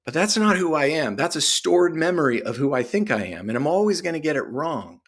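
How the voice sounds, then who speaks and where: A man's voice: a little high, big pitch swings, a little fast. A man hosting a podcast, speaking in a thoughtful, personal and reflective way. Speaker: podcast host. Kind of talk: reflective conversational talk.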